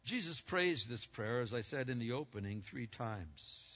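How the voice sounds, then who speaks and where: A preaching man with a bright voice in a reverberant space. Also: animated, normal speed. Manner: preaching with swings between loud emphatic highs and hushed lows. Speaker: pastor. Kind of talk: sermon. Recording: muffled lo-fi sound with long reverb.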